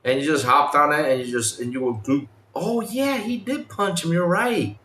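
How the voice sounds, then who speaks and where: A man hosting a casual gaming podcast, animated, imitating game sounds and swearing casually. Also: a little high, normal speed, roomy sound. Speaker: podcast host.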